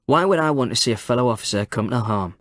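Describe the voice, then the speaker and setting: A man playing a deadpan detective chief inspector. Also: mid-range voice, fairly quick, no room sound, studio quality, lightly acted. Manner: deadpan, blunt. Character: cool, calculating male detective chief inspector. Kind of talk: audiobook character voice.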